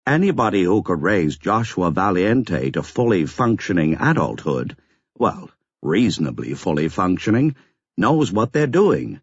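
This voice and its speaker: A man voicing a calm, earnest and stiffly formal man in an audiobook, measured and precise, on a slightly dull lo-fi recording. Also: deep voice, breathy edge, no echo, exaggerated voice. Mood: exasperated. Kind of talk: audiobook character voice.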